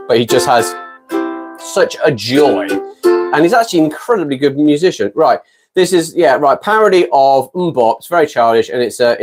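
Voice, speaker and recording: A British man in his fifties chatting casually on a live stream from his garden shed, rambling and self-deprecating between ukulele songs. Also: medium pitch. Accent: British English. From Britain. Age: 50s. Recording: ukulele strumming under the voice. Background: ukulele playing.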